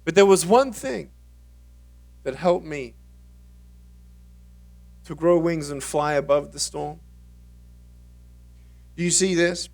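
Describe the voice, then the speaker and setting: High-voiced man telling stories on stage. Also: takes it slowly, creaky, pauses often, far from the mic. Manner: animated storytelling with acted dialogue. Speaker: motivational speaker. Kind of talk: motivational keynote storytelling. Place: conference stage.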